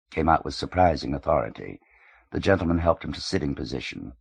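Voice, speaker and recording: Deep-voiced man reading an audiobook. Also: sing-song, a little fast, vocal fry, slightly rough, dry recording. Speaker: audiobook narrator. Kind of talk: scripted audiobook narration.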